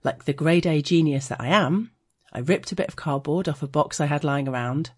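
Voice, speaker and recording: Frank British woman with a husky tone, reading her own erotic story with dry humour. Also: low voice, a little mellow. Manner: frank and wry, slowing to intimate detail. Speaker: sex blogger.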